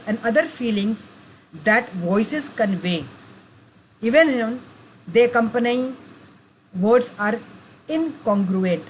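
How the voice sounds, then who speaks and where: A woman gives a talk to parents, moving slowly and repeating her points, with frequent check-ins like asking the listener whether she is right. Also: medium pitch, slight background noise, poor audio. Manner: keeps asking the audience to confirm; unhurried, repeats and rephrases points. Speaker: parenting educator.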